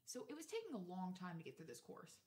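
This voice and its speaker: A woman's voice: on the low side, wildly swooping pitch, fast talker, mellow. A young woman in her twenties, co-hosting a podcast, telling a story in casual chat, swearing freely and acting out the quotes. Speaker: podcast co-host.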